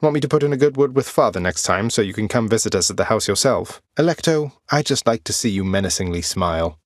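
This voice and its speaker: A man's voice: on the low side, expressive, quick pace, no room sound, close to an everyday voice. A man voicing a wry, polite young prince of the underworld, in video game voice lines. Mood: teasing. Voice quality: dry, wry and teasing. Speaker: game character.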